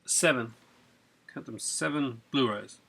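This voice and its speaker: A man hosting a casual unboxing vlog who talks in an excitable, rambling way with many fillers. He sounds chilled from being out in the cold and rain. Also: mid-range voice, takes it slowly, creaky, slightly rough. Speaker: video host.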